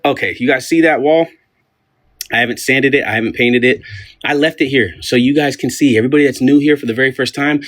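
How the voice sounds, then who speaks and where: A man telling a casual story to his viewers from his home, animated and full of restarts. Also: medium pitch, quick pace. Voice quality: animated, lots of restarts and "I'm like" quotes. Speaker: vlogger telling a pet story. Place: home, indoors.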